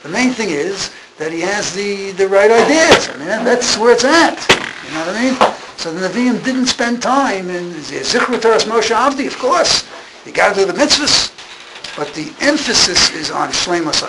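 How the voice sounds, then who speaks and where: Gravelly-voiced man teaching Torah. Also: sits high, noisy background. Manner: repetitive, emphatic, restarts phrases. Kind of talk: informal Torah class.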